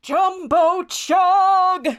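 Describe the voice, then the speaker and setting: A giant fire salamander emcee put on by a woman bellows each name in a high, stretched-out shout. He sounds like a fantasy arena showman working up a roaring crowd. The voice sits well above her own, and the calls are slow. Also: animated, exaggerated voice. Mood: booming hype. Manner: shouting, drawn-out announcer calls. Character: huge male fire salamander arena announcer, booming showman.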